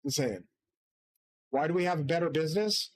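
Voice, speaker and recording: A man hosting his own channel delivers a rambling, profane, grandiose solo monologue from his studio. His voice is on the high side, expressive and a little fast, on a dry, low-quality recording.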